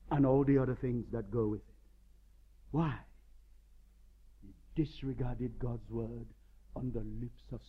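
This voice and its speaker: A man's voice: medium pitch, dull audio, a little hiss or hum. A man preaching a sermon, telling stories dramatically and with emphasis.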